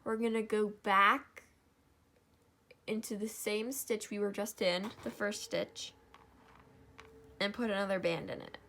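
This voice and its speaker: A woman's voice: medium pitch, steady tone, unhurried, long pauses, pushed and bright, slight background noise. A young woman hosting a craft tutorial, talking casually step by step, sleepy and yawning, often correcting herself and apologizing. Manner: chatty, self-correcting, apologetic.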